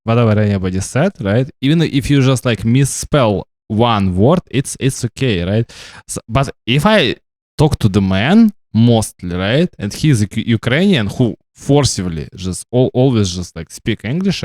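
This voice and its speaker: Rambling gamer, lively pitch. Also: male voice, normal speed, no room sound, clean studio sound. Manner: rambling, stammering, tags "right?" often. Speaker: gamer streamer. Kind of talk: casual commentary while gaming.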